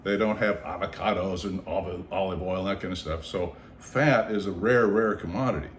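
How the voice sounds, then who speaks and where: An older man from the Seattle area hosts a podcast with a deep, low voice. He tells stories in a lively way, repeats words and acts out the people in them. The room gives an echo, and there is a faint hiss underneath. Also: fairly quick. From Seattle area, USA. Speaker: podcast host. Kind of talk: storytelling in casual conversation. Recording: roomy echo.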